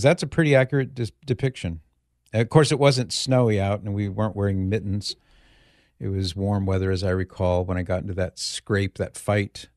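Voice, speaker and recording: A middle-aged man hosting a talk radio show, telling stories in a relaxed way with fillers, in a studio. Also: lowish voice, no echo. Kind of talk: casual talk radio chat. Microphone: studio microphone.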